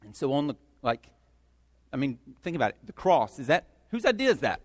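A man preaching a sermon, emphatic and building through repeated phrases to loud peaks. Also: mid-range voice, big pitch swings, brisk, long reverb tail. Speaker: pastor.

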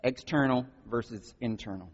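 Un pasteur à la voix éraillée lit les Écritures d'un ton dramatique, entrecoupé de remarques franches. Le son est terne et résonne longuement dans une grande salle. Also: male voice, mid-range voice, normal speed, breathy edge. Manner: reads with dramatic voices, blunt asides. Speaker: pastor. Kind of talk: sermon reading scripture. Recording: dull recording in large echoing hall.

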